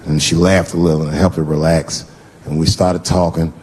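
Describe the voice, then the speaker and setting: A man performing stand-up comedy, animated and acting out the people in his story. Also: very deep voice, brisk. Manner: animated, acts out voices.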